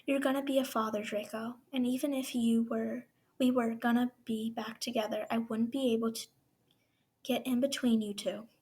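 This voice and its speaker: A woman reading aloud a farewell letter from a heartbroken young man, softly and half whispered. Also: fairly high pitch, fairly even intonation, normal speed, husky. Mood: sorrowful.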